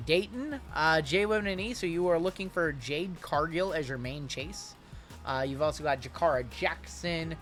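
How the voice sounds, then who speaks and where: Man, card break host, casual livestream chat, fielding viewer questions, slightly high voice, soft music behind. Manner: chatty, answers viewer questions while opening packs.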